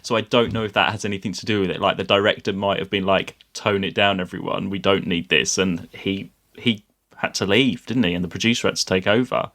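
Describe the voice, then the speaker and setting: A man's voice: lowish voice, fairly even intonation, quick pace, a bit bright. A man joining a podcast as a guest, chatting casually and thoughtfully. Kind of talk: casual chat.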